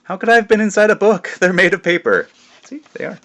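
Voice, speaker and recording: A man's voice: high-pitched, fast talker, pitched above the performer's own voice. A man voicing an annoyed, bossy schoolgirl who brushes things off sharply, in a storybook reading. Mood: scoffing. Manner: sharp and dismissive, raised voice.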